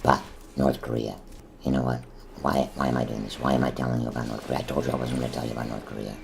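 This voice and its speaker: Man doing a deep gruff hothead, gravelly fry, blustering, snappish, comedic banter. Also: fairly even intonation, fast, a little hiss or hum. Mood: irritated. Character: hot-tempered gruff man, easily riled.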